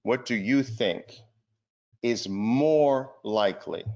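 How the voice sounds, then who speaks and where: A man's voice: medium pitch, animated, slow pace, vocal fry, darkish tone, muffled recording. A man giving a market presentation, speaking emphatically and asking the audience rhetorical questions. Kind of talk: trading seminar presentation.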